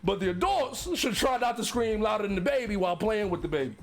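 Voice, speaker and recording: High-voiced man reading stories aloud. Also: lively intonation, fast talker. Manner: loud laughter and profane riffing between readings. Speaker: streamer reacting to stories.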